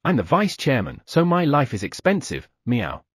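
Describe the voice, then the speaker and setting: A man's voice: mid-range voice, wildly swooping pitch, normal speed, slightly rough, no room sound. Theo, a man voicing a boastful cat merchant. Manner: ends sentences with meow; arrogant, scheming. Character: boastful greedy male talking cat merchant. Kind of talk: audiobook character voice.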